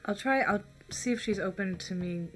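A woman's voice: mid-range voice, normal speed. A woman playing a tabletop game, casual and chatty about her rolls. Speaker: player.

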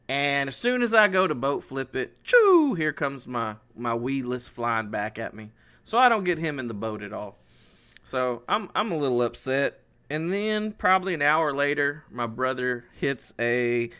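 A man's voice: medium pitch, smooth. A man co-hosting a podcast, telling a story in casual chat and acting out the lines people said. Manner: animated storyteller who acts out his own and others' lines. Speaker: podcast co-host.

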